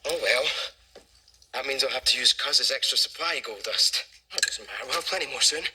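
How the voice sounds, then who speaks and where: An actor playing a carefree young magical conductor who tosses off flippant, joking remarks. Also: male voice, mid-range voice, animated, brisk, sharp tone, husky, heavily acted, rough recording. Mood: breezy. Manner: breezy, flippant, jokey. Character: cheeky young male magical conductor, easygoing.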